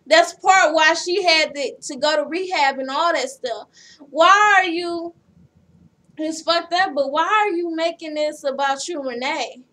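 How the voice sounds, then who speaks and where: A high-pitched woman rambles through a reality show recap in a blunt, salty, chatty way. She sits a fair distance back from the microphone. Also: bright, forceful tone. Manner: blunt, profane, chatty storytelling. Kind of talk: casual recap chat.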